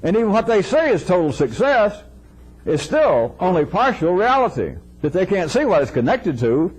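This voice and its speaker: A man's voice: high-pitched, sing-song, moderate pace, breathy edge, poor audio. A man giving an informal philosophical lecture to a live audience, wry and chuckling, acting out little dialogues in shifting voices.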